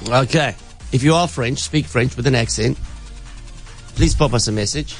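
A man's voice: mid-range voice, normal speed, soft background music. A man hosting a morning radio show, chatting playfully and setting up a prank call. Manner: playful, sets up jokes. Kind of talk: casual radio banter.

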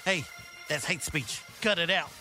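A man's voice: on the high side, unhurried, music in the background. A male radio co-host doing a playful mock sermon, joking and laughing as he rants. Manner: playful preacher-style ranting, laughs a lot. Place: radio studio.

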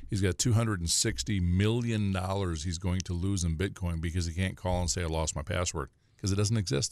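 A man's voice: low voice, darkish tone, no echo. A man answering callers' money questions on a call-in radio show in a folksy, rambling way, with frequent fillers. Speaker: financial advisor radio guest. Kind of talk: casual call-in radio chat.

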